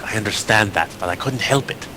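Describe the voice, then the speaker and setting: A man's voice: fairly low pitch, fairly quick, noisy background. A man playing a tabletop game in character, often hesitant and stumbling over his words. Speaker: player.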